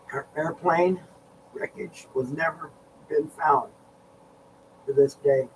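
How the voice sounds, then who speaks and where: Man vlogger, rambling and self-interrupting, a touch high, recorded at a distance with light background noise. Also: steady tone, slow. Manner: rambling, interrupts himself, groans about discomfort. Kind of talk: casual reading aloud with asides. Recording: set back from mic, faint background noise.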